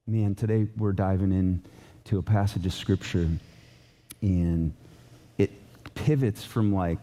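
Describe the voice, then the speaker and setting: A middle-aged man preaches in a casual, rambling way into a stage mic in a church. His voice sits low and sounds very dark and mellow. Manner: casual, loose, with fillers and restarts. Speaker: pastor. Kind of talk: conversational sermon. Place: church auditorium.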